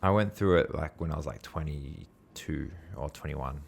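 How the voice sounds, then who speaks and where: Young aussie guy hosting a pod, really deep voice, chill, says like a lot. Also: moderate pace, creaky, slight background noise. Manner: relaxed, hedging with lots of "like". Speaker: podcast host. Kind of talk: casual chat.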